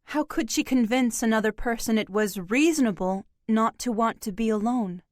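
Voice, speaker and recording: A woman narrating an audiobook in an even, measured reading. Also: on the high side, dry recording, clean studio sound. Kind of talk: scripted narration.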